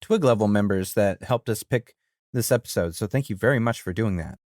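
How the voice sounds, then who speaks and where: A man's voice: fairly low pitch, brisk, dry recording. Laughing man chatting on a dry podcast mic. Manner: animated, laughs often, easily amused. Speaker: podcast co-host. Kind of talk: casual chat about cartoons.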